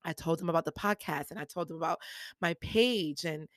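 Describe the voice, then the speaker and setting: A podcast host with a low voice speaks briskly, casually recounting a story and mimicking the people she quotes with big leaps in her voice. She's recorded on a podcast mic with no echo.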